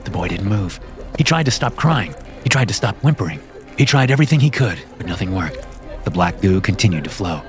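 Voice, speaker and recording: Casual: guy with a lowish voice reading a horror story, steady and measured, faint music underneath. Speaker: narrator. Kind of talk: scripted horror story narration.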